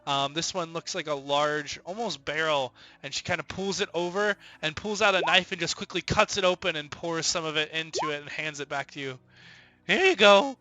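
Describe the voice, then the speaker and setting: A man running a tabletop game as dungeon master, narrating scenes in a relaxed, descriptive way with many fillers. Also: fairly high pitch, fairly quick, hardly any pauses, no room sound.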